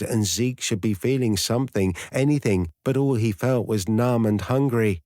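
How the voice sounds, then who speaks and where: A man reading a dark romance audiobook as narrator, with a measured, even storytelling delivery on a close studio mic. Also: mid-range voice, dry recording.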